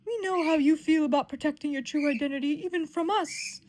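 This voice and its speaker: A woman voicing a calm, aloof genius scientist, measured and soft-spoken. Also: sits high, a little hiss or hum, voice pushed up, lightly acted.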